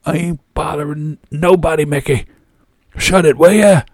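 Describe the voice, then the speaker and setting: A man voicing a loud, rough-talking middle-aged male football fan with a folksy, ungrammatical way of speaking. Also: on the low side, expressive, measured pace, no echo, studio quality, pitched above the performer's own voice. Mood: bellowing.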